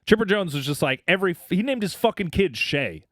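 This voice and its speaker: Dude on a podcast going off about baseball, swears constantly, pitch jumps all over, dry mic. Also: male voice, fairly quick, dry recording. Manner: animated, profane sports talk. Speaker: podcast co-host. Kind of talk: casual chat.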